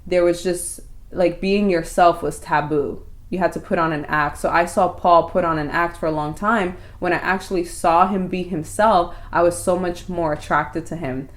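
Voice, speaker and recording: A woman co-hosting a podcast, telling a story in casual chat and acting out quotes. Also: fairly low pitch. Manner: animated, acts out quotes. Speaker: podcast co-host.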